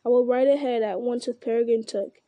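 A woman reading a fantasy novel aloud, voicing an old male wizard who speaks with grave, measured command. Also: on the high side, steady tone, no echo, lo-fi sound, lightly acted. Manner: grave, measured delivery that rises to urgent cries.

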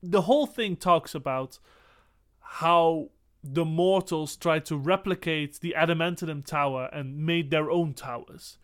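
A man's voice: fairly high pitch, measured pace. A man co-hosting a casual podcast, explaining game lore at length and reading passages aloud. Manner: explanatory, reads passages aloud, laughs often. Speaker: podcast co-host.

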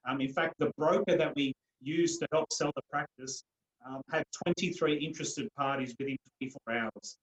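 A man with a slightly high voice tells his own story as an interview guest, earnest and emphatic throughout. He tends to double up his words as he builds toward a point. The room around him adds a clear echo to every phrase. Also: steady tone, moderate pace, a bit bright. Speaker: guest, coach and mentor. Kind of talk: personal storytelling in a podcast interview.

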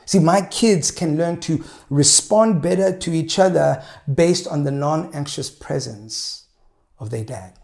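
A man in his thirties, a pastor preaching a sermon in a measured way, slowing down to stress key points. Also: on the high side, gravelly, a little mellow. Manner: measured preaching, slows for emphasis.

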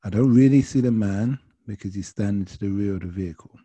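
A man tells a casual anecdote from his taxi driving, chatty and quoting his passengers. His voice is very dark and a bit husky, recorded dry and close. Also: lowish voice, fast, no echo. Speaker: taxi driver telling a story. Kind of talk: casual storytelling.

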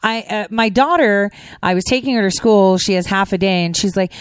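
A woman's voice: medium pitch, a little fast, smooth, no echo, studio quality. Sarcastic woman hosting a political podcast. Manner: sarcastic, conversational, rambling asides. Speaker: podcast host. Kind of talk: opinionated political commentary.

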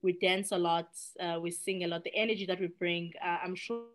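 A woman's voice: fairly low pitch, flat delivery, fairly quick. A woman from South Africa with a South African accent, answering interview questions in an earnest, upbeat way with many fillers. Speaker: guest, youth sports program coach.

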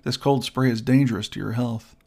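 A man's voice: mid-range voice, fairly even intonation, brisk, vocal fry, a little mellow. A man reading the lines of a protective, cautious young male artist in a storybook. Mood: wary.

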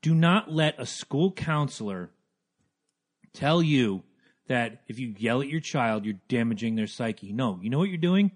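A man co-hosting a casual podcast, ranting loudly and swinging between calm and heated, his voice hoarse from yelling. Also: medium pitch, measured pace. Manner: loud, rants with animated swings. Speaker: podcast co-host.

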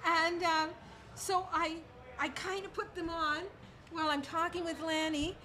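A woman from Ontario, a podcast guest and foundation co-founder, telling a personal story in a slow, reflective way. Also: extremely high pitch, flat delivery, sharp tone. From Ontario, Canada. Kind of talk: conversational storytelling. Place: sports bar studio.

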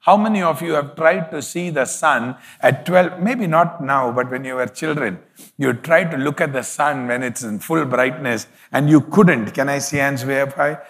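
A man's voice: medium pitch, moderate pace, fairly bright tone, in a large hall. A man preaching a sermon as pastor, emphatic, with frequent hallelujahs.

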